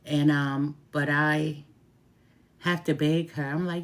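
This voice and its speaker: A woman's voice: low voice, flat delivery, slow pace. A middle-aged woman, a tarot reader and root worker, talking casually to camera, chatty and heartfelt, repeating her phrases for emphasis. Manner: heartfelt, openly grateful.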